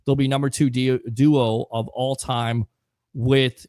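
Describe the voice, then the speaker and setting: A man's voice: medium pitch, little pitch movement, slow pace, a little mellow, dry recording. A man hosts a live call-in sports show, rambling casually through viewer comments with plenty of fillers. His voice sits in a middle range. The sound is dry and close. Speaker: sports talk show host.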